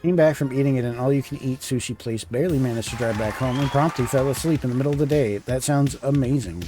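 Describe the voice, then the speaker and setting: A man's voice: medium pitch, quick pace, music in the background. A man streaming a game, chatting casually and rambling with lots of fillers and restarts. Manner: rambling, filler-heavy, self-interrupting. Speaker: gaming streamer. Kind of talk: casual live-stream chat.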